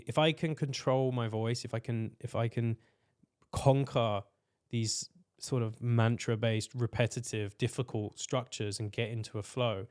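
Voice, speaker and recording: A man's voice: medium pitch, a little mellow. Male podcast guest, mid-range voice, earnest and searching, filler-heavy conversational delivery. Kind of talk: reflective conversational explanation.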